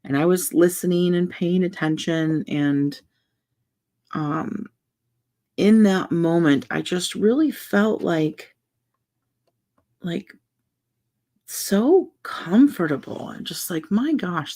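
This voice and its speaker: A young woman chatting casually while building a wooden puzzle, rambling and soft-spoken with many fillers and restarts. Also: fairly low pitch. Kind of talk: casual chat while crafting.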